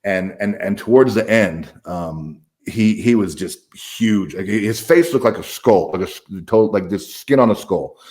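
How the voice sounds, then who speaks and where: A man's voice: lowish voice, lively intonation, moderate pace, hardly any pauses, darkish tone. A middle-aged man, a podcast guest, talking candidly in a blunt, profane way with frequent restarts. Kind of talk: candid conversational storytelling.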